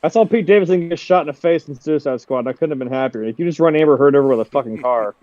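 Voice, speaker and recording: A man's voice: on the high side, racing, darkish tone, no echo. A man on a casual podcast, talking in a profane, rambling and sarcastic way, with a dull, dry sound. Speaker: co-host.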